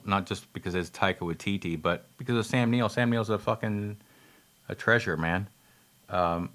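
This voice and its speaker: A man's voice: fairly low pitch, pushed and bright. A man casually talking about a film he watched, rambling with many fillers and restarts, laughing at himself and swearing now and then. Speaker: film reviewer. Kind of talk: rambling casual movie talk.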